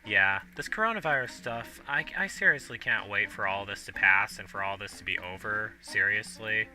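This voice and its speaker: A man's voice: fairly low pitch, normal speed, pushed and bright. Chatty young man rambling over game music. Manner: rambling, chatty, many fillers and restarts. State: hiccuping. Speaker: gaming video host. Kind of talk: casual rambling commentary while playing.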